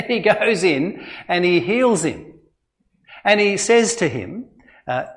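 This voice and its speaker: A man's voice: sits high, very animated, slow. An Australian man preaching a sermon in a church in a conversational way, with frequent fillers and restarts. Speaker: pastor.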